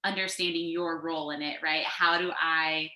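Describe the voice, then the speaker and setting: A woman co-hosting a casual panel chat from her couch over a video call, animated and talkative, with lots of "like" fillers. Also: deep voice, normal speed, roomy sound. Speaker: co-founder and co-host of a design panel. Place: home, sitting on a couch.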